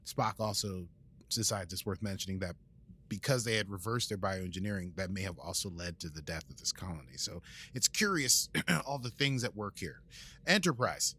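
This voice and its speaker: Low-voiced American man recapping casually. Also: animated, normal speed, sharp tone, breathy edge. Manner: rambling and jokey, with many fillers and restarts. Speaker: podcast co-host.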